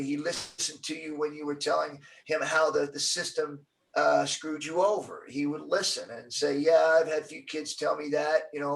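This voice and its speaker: A man's voice: on the high side, creaky. Middle-aged guy telling a story in an interview, acts out the quotes, sounds a bit far from the mic. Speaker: interview guest.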